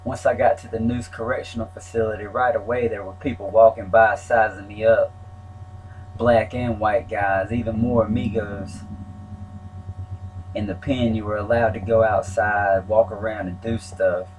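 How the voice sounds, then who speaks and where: A man's voice: lowish voice, steady tone, normal speed, darkish tone, slight background noise, poor audio. A man reading his own story aloud in a plain, wry telling. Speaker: memoir narrator.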